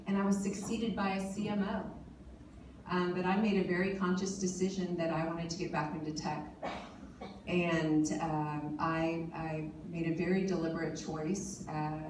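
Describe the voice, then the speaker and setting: A woman in her forties giving an earnest personal speech at a forum, talking with many fillers and restarts. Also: low-pitched. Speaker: panel speaker. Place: large conference hall. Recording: distant mic in an echoey hall with noise.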